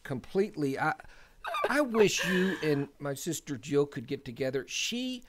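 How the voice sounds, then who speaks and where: Male radio co-host, playful quips, lively pitch, casual banter. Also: noisy background. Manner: jokey, quick interjections.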